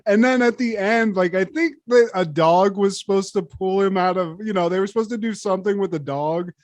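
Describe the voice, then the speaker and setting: Higher-voiced man laughing through recaps. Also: brisk, no echo. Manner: laughs often, swears, lively retelling. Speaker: podcast co-host. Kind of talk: casual chat.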